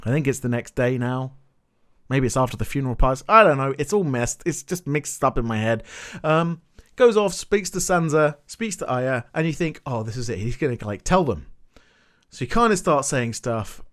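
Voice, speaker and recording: A young man rants through a TV episode recap, casual and animated. He swears freely and breaks into exasperated outbursts. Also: mid-range voice, moderate pace, clean tone. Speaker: TV recap vlogger.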